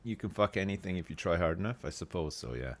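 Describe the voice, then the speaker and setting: A man's voice: low-pitched, lively intonation, fast. A man live-streaming a game, chatting casually in a joking, rambling way.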